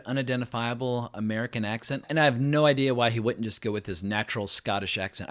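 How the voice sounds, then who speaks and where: With a mid-range, slightly bright voice, a middle-aged critic who hosts his own film review channel offers an opinionated video review of a new show. His verdict is blunt, emphatic, and sarcastic, with sarcastic asides.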